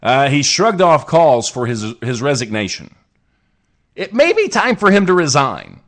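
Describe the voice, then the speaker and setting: A man's voice: a little high, wildly swooping pitch, measured pace, a bit bright. A man hosting his own podcast, riffing sarcastically on odd news stories with rambling asides and restarts. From United States. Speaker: podcast host. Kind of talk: casual comedic news commentary.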